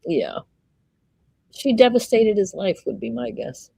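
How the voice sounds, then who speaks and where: A woman's voice: lowish voice, very animated, unhurried, gravelly, dark tone, husky, no echo, low-quality recording. A woman hosting a livestream, giving casual live commentary on a trial and reading messages aloud with running asides.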